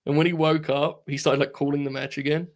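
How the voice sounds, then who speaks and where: A man co-hosting a casual podcast, laid-back and quick to laugh. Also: fairly high pitch, flat delivery. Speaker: podcast co-host.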